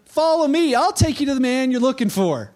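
A man voicing a calm, patient old prophet who gently talks others down. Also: extremely high pitch, brisk, voice pushed up.

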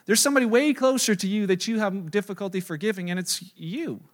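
A middle-aged man preaches in a fairly high voice. He tells a self-deprecating story and acts out each side of the dialogue. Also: fast talker. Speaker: pastor. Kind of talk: sermon storytelling.

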